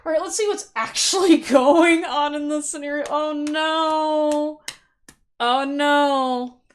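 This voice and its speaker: Woman tarot reader, casual pick-a-card style, slightly high voice, chatty, laughs a lot, acts out quotes playfully. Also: slow pace. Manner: chatty and animated, laughing often, with frequent fillers.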